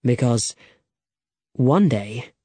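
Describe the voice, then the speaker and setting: A man's voice: mid-range voice, animated, very slow, mellow, husky, no echo, exaggerated voice. A man doing a grave old swordmaster. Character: old male master swordsman, grave and strong. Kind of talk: audiobook character reading.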